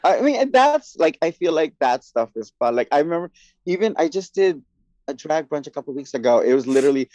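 A man co-hosting a casual talk show, expressive and quick to laugh while telling personal stories. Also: on the high side, dry recording, poor audio. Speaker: podcast co-host. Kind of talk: casual chat.

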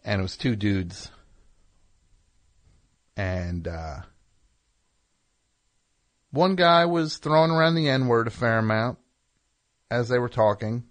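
A man's voice: medium pitch, expressive, slow, long pauses. A middle-aged man hosting a call-in radio show, telling rambling, wry, self-deprecating stories and chatting with callers. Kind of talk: casual monologue and call-in chat.

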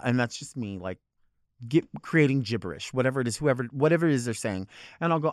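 A man hosting a podcast, ranting comedically in an animated, profane way about everyday annoyances. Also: medium pitch, fast talker, dry recording, studio quality. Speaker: podcast host. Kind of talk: comedic rant.

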